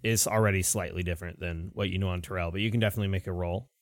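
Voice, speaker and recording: A man's voice: sits low, steady tone, racing, no room sound, clean studio sound. A man narrating as game master in a tabletop role-playing game, casual and descriptive with frequent fillers.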